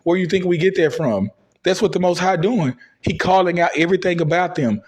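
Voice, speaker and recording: A man's voice: a little high, a little mellow. Man teaching scripture, losing his voice. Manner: loose and conversational, drops verbs, reads scripture slowly. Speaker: religious teacher.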